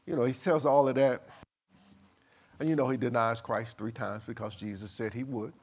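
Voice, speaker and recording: A male pastor delivering a sermon, reading scripture in a measured cadence and swinging from quiet, low passages to loud, high bursts. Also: steady tone.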